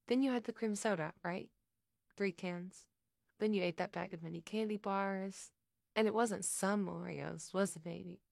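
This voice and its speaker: A woman voicing a teasing man who keeps pressing with mock-gentle questions, in a story reading. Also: medium pitch, creaky, dry recording, clean studio sound, close to an everyday voice.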